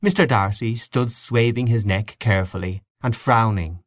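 Low-voiced man reading a story. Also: normal speed, no echo, clean studio sound. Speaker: audiobook reader. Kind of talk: scripted narration.

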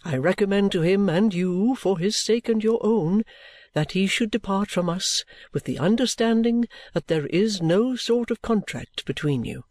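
A man reading the part of a kindly older male guardian in an audiobook, speaking in a cordial, measured, fatherly way. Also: high voice, a little mellow, no room sound, close to an everyday voice. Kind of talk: audiobook reading of a classic novel.

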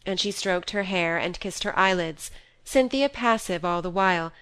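A woman narrating a classic novel in an audiobook, reading in a measured, even way. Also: lowish voice, clear, resonant tone.

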